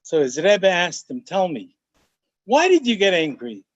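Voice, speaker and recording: A rabbi with a fairly high-pitched voice gives a Torah study lecture, animated and emphatic. He slows down to lean on key phrases and mixes in Hebrew and Yiddish terms as he explains. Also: dull audio. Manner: animated, emphatic teaching, often slowing to stress key phrases. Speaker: rabbi teaching a class.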